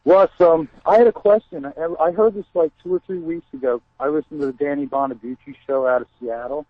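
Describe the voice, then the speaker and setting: A man's voice: on the high side, fairly quick, dry recording. Rambling male caller on a dull line. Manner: eager, rambling, full of fillers. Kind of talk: phone-in chat.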